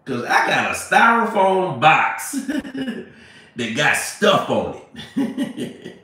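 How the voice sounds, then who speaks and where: A man's voice: sits high, huge pitch swings, extremely slow, pushed and bright, distant mic. A man hosting a casual live stream, chatting with viewers and laughing often. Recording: echoey room, away from mic.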